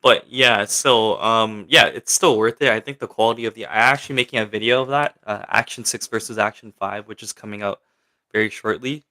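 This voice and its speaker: A man's voice: fairly low pitch, brisk, pushed and bright. Chatty young man answering his livestream chat. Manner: chatty and rambling, many fillers, reads chat questions aloud. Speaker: livestream host. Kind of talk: casual livestream chat, answering viewer comments.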